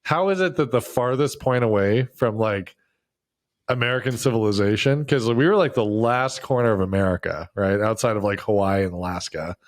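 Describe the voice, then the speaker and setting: A middle-aged man with a Pacific Northwest accent, co-hosting a podcast in rambling, joking casual chat. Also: normal speed. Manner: rambling, joking, lively pitch. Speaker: podcast co-host.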